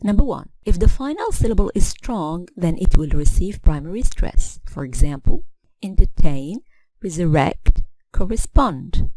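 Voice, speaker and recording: A woman narrating a scripted pronunciation lesson. She speaks clearly and deliberately, and she slows down to model each example word. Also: fairly low pitch, sing-song, mellow, dry recording, poor audio. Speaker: English pronunciation teacher.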